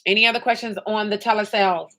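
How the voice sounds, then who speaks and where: A woman's voice: mid-range voice, steady tone, fast talker, fairly bright tone, soft background music. A woman running a live training session for sales agents, upbeat and motivational, often checking in with "okay?" and "right?".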